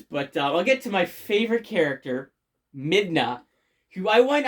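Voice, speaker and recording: A game reviewer talking casually and enthusiastically, swearing constantly and rambling with many fillers and restarts. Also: medium pitch.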